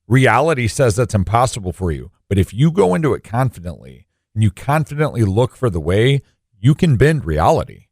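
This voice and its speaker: A man's voice: medium pitch, sing-song, a little fast, a little mellow, dry recording, clean studio sound. A man co-hosting a faith and fitness talk show, telling stories and giving motivational encouragement. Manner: motivational, anecdotal, preachy. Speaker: co-host. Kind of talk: faith podcast conversation, storytelling.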